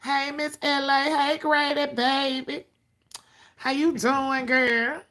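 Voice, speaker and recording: A woman's voice: high voice, flat delivery, slow pace, bright, forceful tone. A woman hosting a casual livestream, sassy and profane, greeting viewers by name. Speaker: livestream host.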